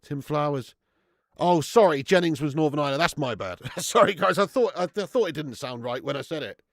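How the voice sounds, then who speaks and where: A middle-aged man, chatting excitably through a live football watch-along, swearing and bantering with his viewers. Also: on the high side, brisk, dry recording, clean studio sound.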